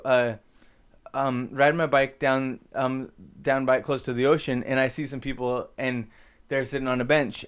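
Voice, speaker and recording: A young man spins a personal anecdote in a loose, rambling way, stopping and restarting often. His voice is smooth and clear, sitting at an everyday middle pitch. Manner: rambling, many fillers and restarts. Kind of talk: casual personal storytelling.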